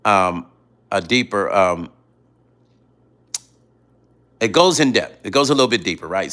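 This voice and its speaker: A middle-aged man chatting casually late at night on his vlog, telling animated stories and repeating himself for emphasis. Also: medium pitch. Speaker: vlog host reading viewer comments.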